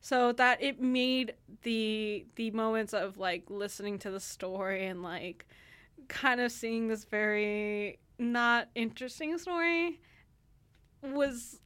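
A woman's voice: fairly high pitch, takes it slowly, a bit bright, clear, resonant tone. A young woman reviewing a play in casual radio chat, talking loosely with many fillers and restarts. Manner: chatty, lots of fillers and restarts, laughs easily. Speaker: theatre reviewer.

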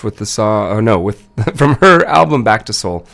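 A man's voice: on the low side, very animated, moderate pace, gravelly, a bit bright. A man hosting a radio music show, talking casually between songs with a stuffy, nasal voice from a cold, rambling and correcting himself as he goes. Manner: loose, rambling, self-correcting. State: has a cold.

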